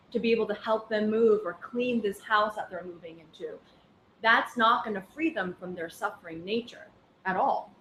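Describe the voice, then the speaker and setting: A woman's voice: medium pitch, fairly bright tone, slight background noise. A woman teaching a Buddhist class in a chatty, anecdotal way full of fillers. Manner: conversational, anecdotal, many fillers. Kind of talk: casual dharma class talk. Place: class room. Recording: echoey room with faint ambience.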